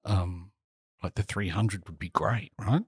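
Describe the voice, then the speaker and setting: A man chatting with friends at a game table, tossing off quick, wry quips. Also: deep voice, slightly rough, no room sound, clean studio sound. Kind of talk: casual chat.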